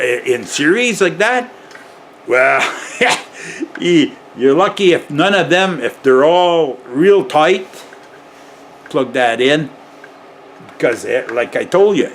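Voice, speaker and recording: A man's voice: a little high, slight background noise. A man who works as an electrician, rambling and chuckling often as he explains heater safety in a casual how-to vlog. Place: garage.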